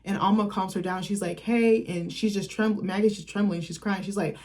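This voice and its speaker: A woman's voice: mid-range voice, steady tone, fairly quick, darkish tone. A young woman recapping a film in a casual, chatty way, swearing freely and acting out lines from scenes. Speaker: film critic vlogger.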